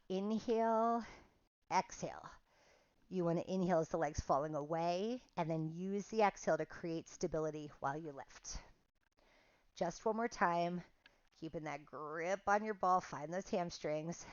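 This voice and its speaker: A woman's voice: lowish voice, normal speed, smooth, no room sound, lo-fi sound. A woman teaching a pilates class online, counting reps aloud and chatting in a casual, self-deprecating way. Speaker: pilates instructor. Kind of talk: guided workout instruction.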